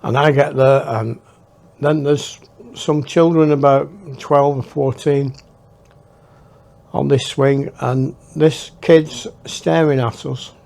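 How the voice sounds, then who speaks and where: Slow gravelly older storyteller. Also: male voice, a little high, darkish tone. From northern England. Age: 60s. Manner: rambling, reflective, with hesitations. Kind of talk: memoir storytelling.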